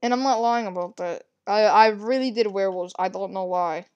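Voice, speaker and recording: A woman giving casual, excitable commentary while playing a game, gasping and rambling. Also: medium pitch, fairly quick. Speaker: gaming video creator.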